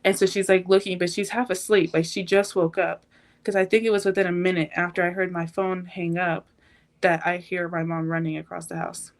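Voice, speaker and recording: An eighteen-year-old woman, a podcast guest, telling a painful personal story in a halting, emotional way. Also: lowish voice, level tone.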